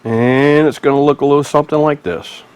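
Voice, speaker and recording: A man's voice: a little high, steady tone, fairly quick, a little mellow, slight background noise. A man with a Mississippi Southern accent hosting a casual cooking vlog in a folksy, easygoing, chatty way. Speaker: cooking channel host.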